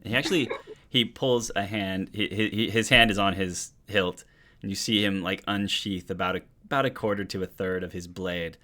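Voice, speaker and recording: A man narrating as game master of a tabletop game, relaxed and hesitant with fillers. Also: sits low, normal speed.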